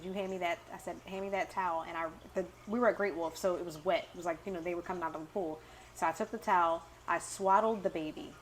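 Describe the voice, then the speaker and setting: Over slight background noise, a woman with a fairly low-pitched voice co-hosts a casual podcast chat. She's an animated storyteller, giving voice to the quotes she recounts.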